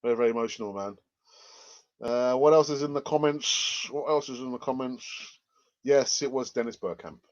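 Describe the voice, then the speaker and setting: A man's voice: medium pitch, moderate pace. A man from England hosts a casual fan channel chat, rambling and repeating himself with many fillers and a cough. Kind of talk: casual live chat reading comments. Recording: muffled lo-fi audio.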